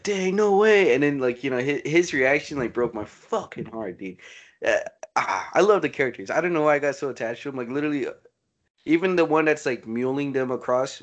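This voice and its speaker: A man chatting casually about a movie as a podcast co-host, excitable, swearing freely and calling his friend "dude" and "bro.". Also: medium pitch, quick pace. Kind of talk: casual movie review chat.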